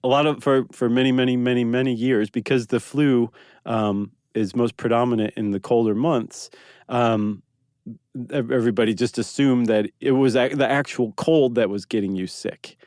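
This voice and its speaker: A man's voice: mid-range voice, steady tone, moderate pace, darkish tone, no room sound, studio quality. A man co-hosting a podcast, explaining facts in curious, conversational casual chat. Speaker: podcast co-host.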